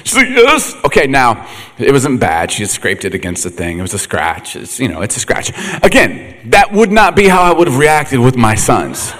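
Middle-aged male pastor, lively swooping delivery, laughs often, echoey hall. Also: medium pitch, moderate pace. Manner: animated, laughing, acts out quotes. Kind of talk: humorous sermon storytelling.

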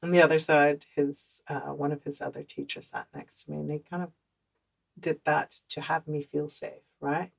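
A woman with a Dutch accent hosting a podcast, telling a personal story in an animated, conversational way with lots of fillers. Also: sits low, normal speed, gravelly, poor audio. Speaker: podcast host.

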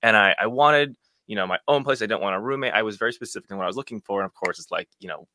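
A man's voice: lowish voice, very fast, sharp tone, dry recording. A man in his twenties, a podcast guest, telling a story in a wry, self-mocking way, with lots of "like". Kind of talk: casual storytelling.

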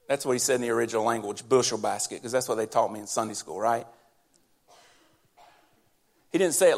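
A man's voice: mid-range voice, lively intonation, a little fast. A man preaching a sermon in church, talking directly and conversationally to his congregation as their pastor. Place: church sanctuary during service.

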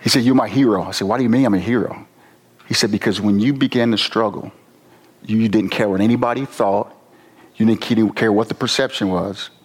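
A man from Virginia, a former police officer, giving an earnest, emotional personal testimony with slow pauses. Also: lowish voice, fairly even intonation, breathy edge. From Virginia, USA.

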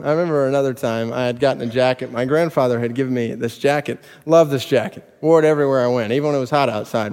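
A pastor telling personal stories in a sermon, building to emphatic preaching before a congregation. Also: male voice, mid-range voice, darkish tone, clean tone. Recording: long reverb of a large hall.

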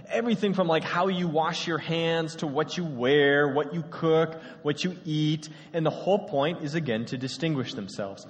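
Guy preaching in church, laid back and chatty, kinda high voice, lots of hall echo. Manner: casual and conversational, addressing a congregation. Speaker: pastor. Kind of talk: sermon.

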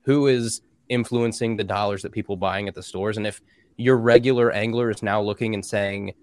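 A man's voice: fairly low pitch, fairly even intonation, normal speed, no echo. A man co-hosting a podcast, talking casually with strong opinions. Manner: opinionated, mocking impressions. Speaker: podcast co-host. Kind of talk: casual chat.

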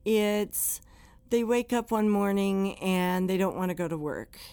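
A woman's voice: mid-range voice, fairly even intonation, a little slow, warm tone, clear, resonant tone, dry recording. A woman hosting a podcast for first responders, giving plainspoken advice in a conversational way and acting out quoted complaints.

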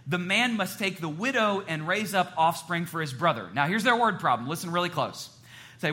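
A male pastor in full sermon flow, animated and cracking jokes at his congregation between scripture readings. His voice sits high for a man and rings bright and forceful, preaching in a church. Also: fairly quick. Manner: animated, joking asides to the congregation.

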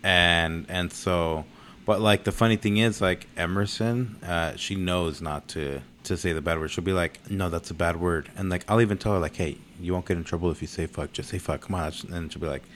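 A young man with a very low, deep voice talks loosely in a casual chat. He swears often and strings his thoughts together with lots of filler words. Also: normal speed, a bit bright, a little hiss or hum.

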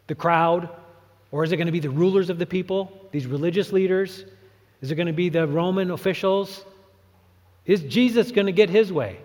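A man preaching a sermon as pastor, animated and dramatic, acting out crowd shouts. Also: high-pitched. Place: church sanctuary. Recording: long church reverb.

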